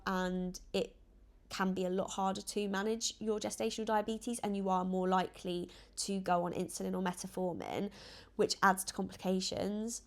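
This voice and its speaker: A woman vlogging in a casual, rambling, earnest chat to camera, emotional and close to tears at times. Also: mid-range voice.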